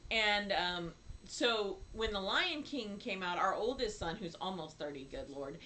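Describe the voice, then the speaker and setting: A woman in her fifties co-hosting a casual chat, laughing often and acting out quotes with big jumps in pitch. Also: animated, a little slow, sharp tone, a little hiss or hum, rough recording. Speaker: podcast co-host.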